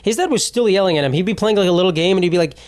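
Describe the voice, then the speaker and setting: A man's voice: high voice, very fast, darkish tone, no echo, studio quality. A man hosting a podcast, telling rambling, profane comic stories and laughing at his own jokes. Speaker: podcast host. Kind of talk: rambling comedic monologue.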